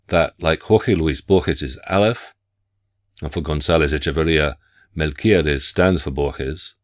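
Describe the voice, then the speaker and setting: Guy with a really low voice reading out a literature lecture, slow and formal. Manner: measured, formal academic reading. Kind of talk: scripted lecture narration.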